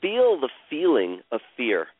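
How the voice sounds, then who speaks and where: A man leads a guided healing session in an unhurried, soothing voice, repeating the same phrases over and over like a chant. His voice comes through thin and tinny, as if over a phone line. The sound is dry, with no room around it. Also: mid-range voice, wildly swooping pitch, dry recording. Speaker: host guiding a caller through emotional healing.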